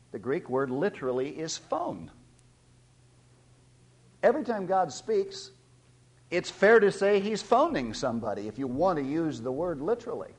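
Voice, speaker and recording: A man preaching a sermon, teaching and questioning his listeners, swelling loud on key points. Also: on the high side. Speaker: pastor.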